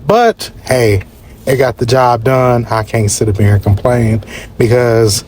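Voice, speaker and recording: Travel vlogger, man, mid-pitched, casual slang, lively swings up in pitch, faint noise behind. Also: unhurried. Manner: animated, slangy storyteller with big pitch jumps. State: short of breath at altitude. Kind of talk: casual travel vlog narration.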